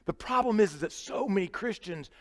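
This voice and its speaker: High-voiced preacher in a reverberant sanctuary. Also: male voice, expressive, fairly quick. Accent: Midwestern American. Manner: conversational, swings from loud emphatic to quiet and low. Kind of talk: sermon. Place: church sanctuary. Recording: live church sanctuary with long reverb.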